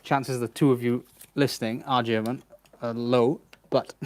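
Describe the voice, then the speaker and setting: A man's voice: medium pitch, fairly even intonation, unhurried, darkish tone, no echo. Wry, muttering man fixing a car. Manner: wry, sarcastic muttering to himself. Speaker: home mechanic vlogger. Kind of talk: casual commentary while working.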